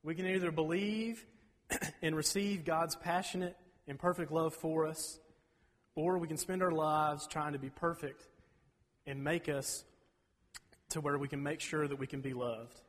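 A man in his thirties preaching a sermon, folksy and rambling, clearing his throat between asides. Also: fairly high pitch, fairly even intonation, measured pace. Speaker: pastor. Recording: reverberant hall.

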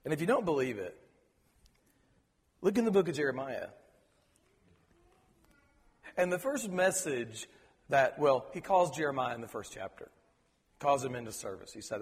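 A man preaching a sermon, earnest and halting, often repeating words as he searches for them. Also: medium pitch, sing-song, long reverb tail. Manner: preacher quoting scripture in reverent tones. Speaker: pastor.

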